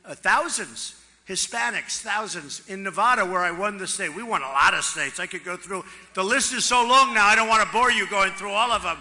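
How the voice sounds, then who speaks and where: A political candidate in his sixties gives a campaign rally speech in a large venue, boastful and repetitive, with chatty asides to the crowd. His high-pitched, bright voice is forceful and fairly quick, and the big hall adds long reverb.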